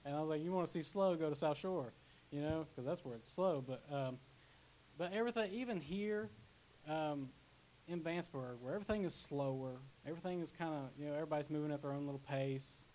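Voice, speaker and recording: A man's voice: a little high, brisk, a little mellow, rough recording. A young man preaching a casual sermon as pastor, chatty, with asides and restarts. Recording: faint hiss.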